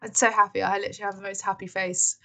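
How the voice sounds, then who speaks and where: A woman's voice: medium pitch, flat delivery, very fast, creaky, loud music behind the voice. A young British woman chatting casually and bubbly over a let's-play, giggling often. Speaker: gaming YouTuber.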